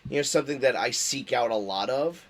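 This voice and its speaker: Stream host guy, kinda halting, lots of "like" and "you know", medium voice. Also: mid-range voice, lively intonation. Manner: hesitant, many fillers, laughs along. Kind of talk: casual interview.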